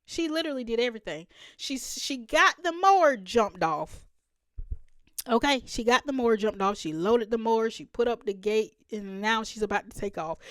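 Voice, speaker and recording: A woman's voice: mid-range voice, dry recording, studio quality. Emphatic woman hosting a reaction video. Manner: emphatic, talks straight to the viewers, laughs often. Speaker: reaction channel host. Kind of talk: reaction commentary.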